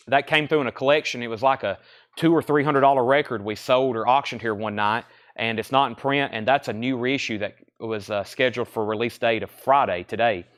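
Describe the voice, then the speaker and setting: A man with a medium-pitched, fairly bright voice hosts a live-streamed record sale. He calls out titles and prices in a brisk, running patter, thinking aloud as he checks each record.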